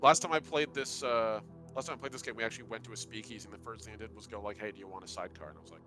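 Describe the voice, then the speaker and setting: A man running a tabletop game as game master, calmly narrating actions step by step. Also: lowish voice, rapid-fire, soft background music.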